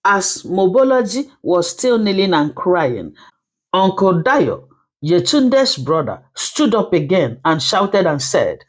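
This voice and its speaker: A woman narrating a dramatic story in an expressive storytelling manner. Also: on the low side, takes it slowly.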